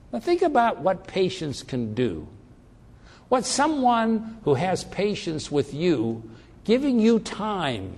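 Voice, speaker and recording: A man preaching a sermon, telling the story with animated delivery and frequent restarts. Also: sits high, unhurried.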